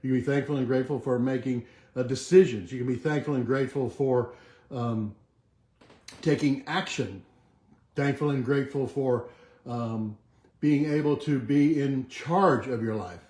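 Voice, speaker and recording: Speaking from his home kitchen with a bay window, an older chiropractor who runs a weekly motivational march leads a self-help talk. He repeats affirmations in a slow, soft, mellow mid-range voice, letting each trail off more quietly, and the recording sounds roomy.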